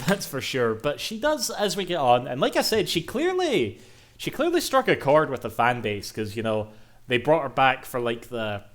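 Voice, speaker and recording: This young Scottish man streams a game while chatting casually, his mid-range voice slightly bright. He rambles, swears and laughs a lot in a relaxed live-stream style.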